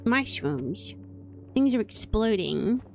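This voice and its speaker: A woman's voice: mid-range voice, very animated, takes it slowly, gravelly, faint music behind. A woman from Wales with a British accent, chatting playfully and rambling through live gameplay commentary as a streamer. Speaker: game streamer.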